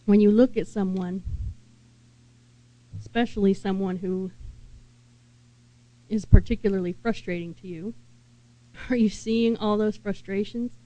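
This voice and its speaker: A woman preaching a sermon in an earnest, unhurried way and asking her listeners many questions. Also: medium pitch, steady tone, warm tone, rough recording.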